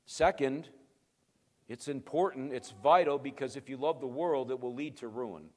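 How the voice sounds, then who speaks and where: A male pastor giving an emphatic sermon, swinging between quiet and loud and answering his own rhetorical questions. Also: medium pitch, normal speed, in a large hall.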